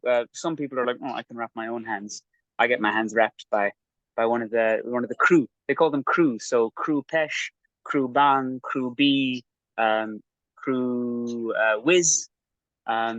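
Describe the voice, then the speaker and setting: A man chats casually on a podcast, rambling with many fillers and making fun of himself as he describes his training. His voice sits at an ordinary pitch, and the sound is close and dry. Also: fairly bright tone, no room sound, muffled recording. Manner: rambling, self-mocking storyteller. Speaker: podcast guest recounting training. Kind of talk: casual chat.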